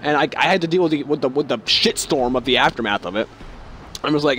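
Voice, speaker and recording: A young man telling work stories in a casual vlog, rambling and sarcastic, swearing constantly and acting out other people with sudden jumps in pitch. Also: fast, a bit bright, slight background noise. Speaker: vlogger.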